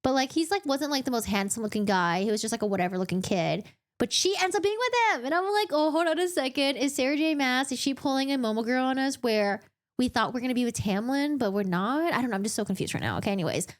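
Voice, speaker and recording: A young woman hosting her channel, giving a chatty, giggly book recap and acting out the characters in quick put-on voices. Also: sits high, lively intonation.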